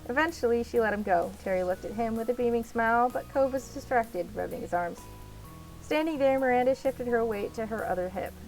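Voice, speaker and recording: A woman's voice: a little high, a little fast, a little mellow, soft background music, rough recording. A woman reading a visual novel aloud as a let's play narrator, in the second person.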